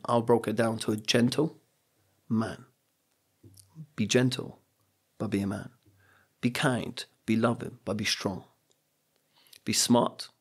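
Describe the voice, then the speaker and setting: A middle-aged British man with a lowish, slightly breathy voice appears as a guest on a reflective podcast. He talks earnestly and tells stories, repeating words for emphasis.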